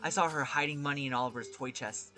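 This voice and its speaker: Man playing a petulant rich teenage boy, bright tense voice, faint music behind. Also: mid-range voice, fast talker, natural voice. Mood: defiant. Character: young man, spoiled teenage killer, defiant.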